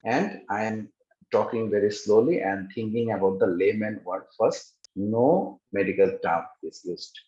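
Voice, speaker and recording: A man describing his exam experience in a casual interview over a video call, halting, with many pauses and fillers. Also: fairly low pitch, mellow. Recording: roomy, dull call audio.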